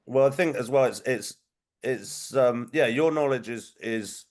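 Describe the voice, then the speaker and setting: A man's voice: medium pitch, measured pace. A British man hosting a casual chat who often stumbles over restarts and laughs a lot. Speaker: podcast host.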